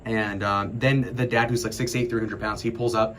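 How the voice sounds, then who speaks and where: A man's voice: lowish voice, moderate pace. A man in his twenties on a casual livestream, telling a long story in a rambling, profane way. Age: 20s. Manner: rambling, profane, animated retelling. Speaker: streamer.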